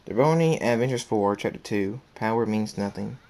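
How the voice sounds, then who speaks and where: A man reading his own fan story aloud, plain and even, with small restarts. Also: lowish voice, moderate pace.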